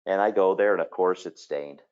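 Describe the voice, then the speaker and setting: A man with a very low voice talks through a design webinar in a loose, conversational way, full of asides and stories. The audio sounds a little dull and lo-fi. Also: moderate pace, a little mellow, clear, resonant tone. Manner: conversational, storytelling with fillers. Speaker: kitchen designer. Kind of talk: webinar presentation.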